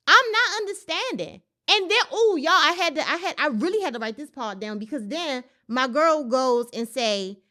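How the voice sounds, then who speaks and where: Woman, podcast host, fast incredulous rant, bright tone, lively swooping pitch. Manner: animated, incredulous ranting with heavy profanity. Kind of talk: casual solo commentary.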